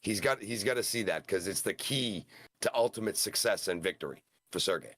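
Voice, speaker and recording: A man co-hosting a casual wrestling review podcast, recapping matches with excited, rapid-fire enthusiasm. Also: on the low side. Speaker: podcast co-host.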